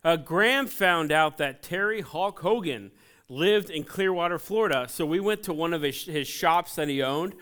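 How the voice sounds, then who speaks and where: A man in his forties from Ohio preaching a sermon in a church, conversational and joking, telling animated personal stories. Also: fairly high pitch, normal speed, clean tone. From Ohio, USA. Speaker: pastor. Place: church sanctuary.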